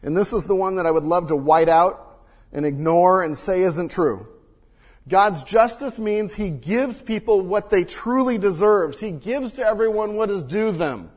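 A man preaching a sermon and reading scripture, swinging between loud emphasis and hushed quiet, recorded in a church sanctuary. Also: high-pitched, animated, unhurried. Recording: long reverb of a large hall.

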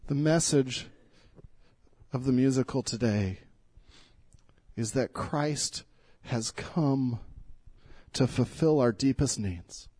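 A man's voice: mid-range voice, slow, long pauses, dark tone, slightly rough, dry recording. A middle-aged male pastor giving an earnest, pleading sermon in church, often repeating words as he speaks.

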